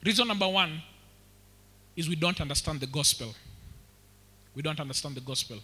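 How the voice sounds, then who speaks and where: A man with a Kenyan accent preaching a sermon, telling lively stories and mixing English with Swahili. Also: fairly high pitch, moderate pace, slightly rough. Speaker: pastor. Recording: reverberant church hall.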